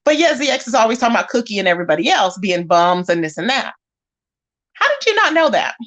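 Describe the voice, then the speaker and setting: Quick and fairly high-pitched, this woman runs a livestream, reading comments from chat aloud. She calls people out in lively, casual commentary aimed right at the chat.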